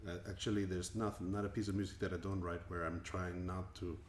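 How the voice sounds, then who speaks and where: A man's voice: sits low, flat delivery, fast. A man from Colombia, a musician guest, answering interview questions in a thoughtful, earnest way, often repeating words as he searches for them. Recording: echoey room with faint ambient noise.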